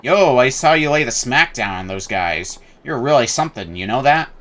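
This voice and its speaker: A man's voice: medium pitch, lively intonation, normal speed, fairly bright tone, natural voice. Casting: a man playing a flashy, eager young dancer full of slang. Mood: excited. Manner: hyped slang, tacks on "yo".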